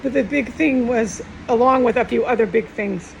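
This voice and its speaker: A woman's voice: on the high side, fairly even intonation, moderate pace, gravelly, hardly any pauses, slight background noise, low-quality recording. A middle-aged woman talking tearfully and in a rambling, upset way in a personal monologue, often trailing off and starting over.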